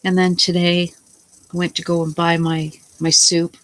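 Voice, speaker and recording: A woman's voice: on the low side, flat delivery, normal speed, dry recording, rough recording. A middle-aged woman who is unwell, telling a long, rambling, indignant story in a casual vlog and acting out her own lines. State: unwell, tired. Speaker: vlogger.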